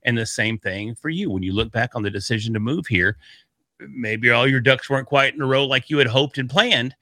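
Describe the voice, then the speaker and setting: Bright-voiced upbeat male podcast co-host. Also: medium pitch, a little fast, no room sound. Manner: upbeat, joking, easily laughing. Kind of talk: casual podcast chat.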